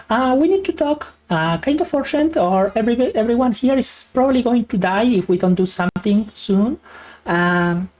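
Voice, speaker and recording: A man puts on a tiny, short-tempered bunny witch with a piercing high voice that snaps and pushes. She talks fast and insistently. The audio is muffled and lo-fi. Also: a little mellow. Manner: high chirpy and pushy, quick to snap.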